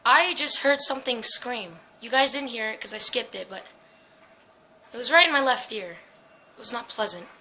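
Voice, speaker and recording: This gaming channel host is a young woman whose slightly high, bright voice comes out forceful at a normal speed as she narrates a horror game at home. She's frightened and on edge, cursing, screaming, and addressing both her audience and her dog. The audio is poor, with a faint hiss or hum.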